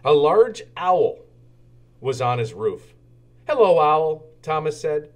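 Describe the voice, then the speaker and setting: A man reading a children's storybook aloud, with expressive, animated narration. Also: fairly high pitch, takes it slowly. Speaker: children's book reader.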